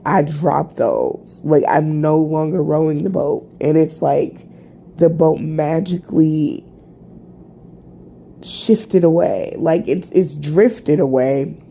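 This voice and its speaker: A tired woman vlogging a rambling, halting personal reflection, full of fillers and restarts. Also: sits low, vocal fry, mellow, slight background noise. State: tired, yawning. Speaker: spiritual vlogger.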